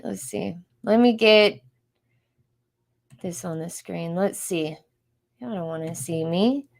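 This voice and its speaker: A woman hosting a casual livestream from home, chatting, greeting viewers by name and laughing often. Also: mid-range voice. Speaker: livestream host.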